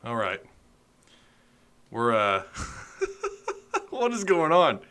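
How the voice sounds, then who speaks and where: Guy hosting a sports stream, bright sharp voice, jokey and rambling while he fixes his cam. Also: a little high, huge pitch swings, extremely slow. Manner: joking, chatty, flustered by tech trouble. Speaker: sports podcast host. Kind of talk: casual livestream chat.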